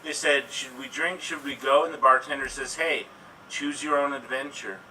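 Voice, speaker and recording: A man's voice: medium pitch, steady tone, normal speed, sharp tone. A man telling terse, offbeat improvised one-liners. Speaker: improv player. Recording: distant mic, faint room noise.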